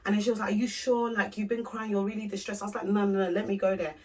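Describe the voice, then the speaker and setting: A young woman tells a personal story on a podcast, playing out every line of dialogue herself. Her voice sits at a middle pitch and is picked up a little away from the mic. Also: very fast. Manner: candid, animated storytelling, acts out both sides of conversations. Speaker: podcast co-host. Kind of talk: casual chat, storytelling. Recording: voice from a distance off the mic.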